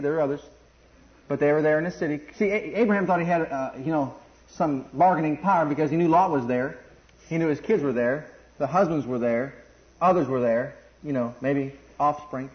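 A middle-aged man preaches a sermon in a high voice. He is animated and acts out voices in a bargaining tone. The recording is dull and lo-fi. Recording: dull lo-fi sound.

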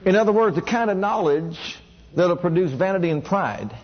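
Male preacher, high and breathy-husky, questioning call-and-response sermon, muffled lo-fi recording. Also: lively intonation, moderate pace. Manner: asks the congregation questions and has them repeat lines.

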